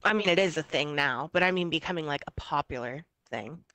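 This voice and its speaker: A woman's voice: deep voice, brisk, pushed and bright. A woman co-hosting a casual podcast, echoing the others and chiming in with her own stories. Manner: echoes the others, easy laughter. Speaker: podcast co-host. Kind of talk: casual chat.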